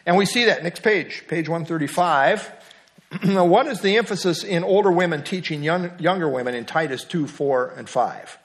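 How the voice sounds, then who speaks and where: A man's voice: a little high, animated, moderate pace, a bit bright. Man teaching a conversational Bible class. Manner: conversational, quizzes the class and jokes. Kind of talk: interactive Bible study lesson.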